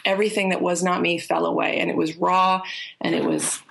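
A woman's voice: fairly quick, vocal fry. A woman, a life coach, telling stories in a casual interview, rambling with restarts and acting out what people said. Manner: animated, acts out quoted people in a higher voice.

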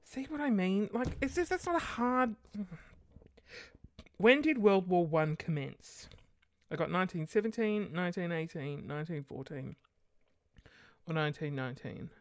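A woman's voice: lowish voice, lively intonation, normal speed, no room sound, clean studio sound. A woman hosting a casual solo podcast late at night, rambling and sarcastic, muttering curses under her breath. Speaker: podcast host.

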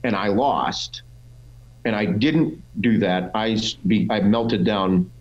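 A man's voice: fairly low pitch, slow pace, highs cut off. Blunt, profane man telling his story. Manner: blunt and profane, voices others in quotes. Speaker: guest, pro bodybuilder. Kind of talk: casual interview storytelling.

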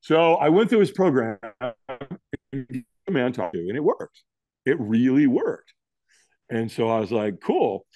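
A man's voice: medium pitch, a little slow, dry recording, highs cut off. Middle-aged guy telling a story, does the voices, dry sound. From United States. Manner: animated storyteller, acts out quotes. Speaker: guest. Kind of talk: storytelling interview.

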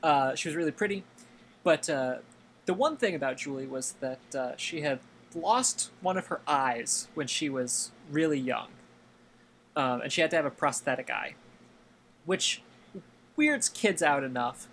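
A man's voice: a little high, lively intonation, a little slow, a bit bright, a little hiss or hum. A man hosting a casual podcast, telling a long anecdote with plenty of fillers and laughing along with his friends. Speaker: podcast host. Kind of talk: casual storytelling chat.

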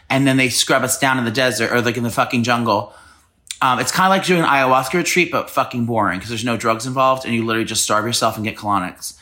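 A man's voice: medium pitch, fast talker, sharp tone. A man co-hosting a podcast, telling a rambling story in casual chat, with lots of swearing and restarts. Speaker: podcast co-host.

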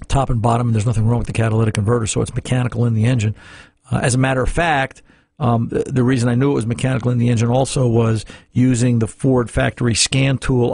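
A middle-aged man chats his way through a radio car-repair show. He rambles, restarts and circles back to stories. His voice is heavily gravelly and husky, and the sound is dry and close. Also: mid-range voice, a little mellow, dry recording. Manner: rambling, chatty, many restarts and fillers. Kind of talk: casual radio talk.

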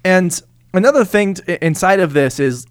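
A man's voice: high voice, moderate pace, clean tone, no room sound. Guy cohosting a podcast, chill, lots of ums and little laughs, dry close mic. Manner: relaxed, chuckles often, many fillers and restarts. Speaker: podcast co-host. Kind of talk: casual chat.

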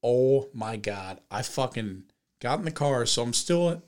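A young man hosting a podcast, telling a story in casual chat with lots of swearing and loud acted-out quotes. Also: mid-range voice, a little slow. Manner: animated, profane storytelling with shouted quoted voices. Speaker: podcast host.

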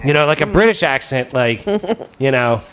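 A man's voice: medium pitch, moderate pace, a bit bright, smooth, faint music behind. Crude, rambling male podcast host. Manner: crude, rambling, storytelling with many fillers. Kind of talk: casual comedic podcast chat.

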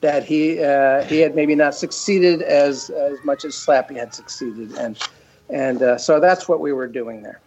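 A man's voice: a little high, fairly even intonation, a little slow, a little mellow, lo-fi sound. Rambling man, guest on a chat show. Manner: rambling, many restarts. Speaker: guest, cartoon creator. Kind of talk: casual interview chat.

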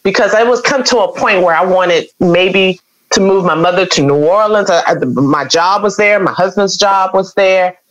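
A woman's voice: mid-range voice, moderate pace, dry recording, dull audio. A middle-aged woman, earnestly telling an emotional personal story as an interview guest. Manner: emotional, earnest, acts out quoted voices.

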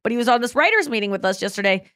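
A woman with a slightly high voice hosts a casual podcast, spinning animated stories full of "like" and little impressions of the people she quotes. The sound is close and dry with no room around it. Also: rapid-fire, no room sound. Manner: animated storyteller acting out quoted voices, many "like" fillers. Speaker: podcast co-host. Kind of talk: casual chat.

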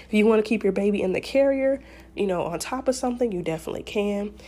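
Woman podcast host, relaxed mellow tone, chatty and rambling. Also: mid-range voice, fast talker. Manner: chatty, rambling, many fillers and restarts. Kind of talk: casual advice talk.

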